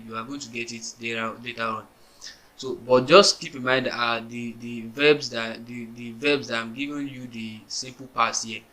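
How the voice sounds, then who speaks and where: A man's voice: mid-range voice, bright, forceful tone, rough recording. A man teaching an English grammar lesson, spelling words out letter by letter, often restarting and checking with "you understand?". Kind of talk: explaining grammar on a whiteboard.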